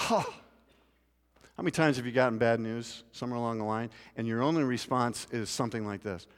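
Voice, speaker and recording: A man preaching a sermon and telling a story, swinging from loud, urgent pleading to quiet, low asides. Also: a little fast. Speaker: pastor. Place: church sanctuary. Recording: long hall reverb.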